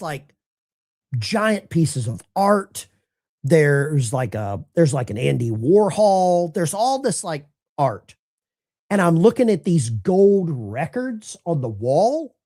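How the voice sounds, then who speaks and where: A man's voice: on the high side, dark tone. A man from Alabama hosts a call-in show and spins a long, rambling, folksy yarn full of restarts and asides. His voice swings widely up and down as he talks. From Alabama, USA. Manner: rambling, folksy, with self-interruptions. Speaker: talk show host. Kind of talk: casual storytelling on a call-in show.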